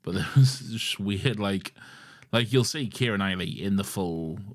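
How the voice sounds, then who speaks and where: A man with a lowish voice co-hosting a casual film podcast. He jokes around in an easygoing way and laughs often. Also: measured pace. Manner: relaxed, joking, laughs often. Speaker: podcast co-host.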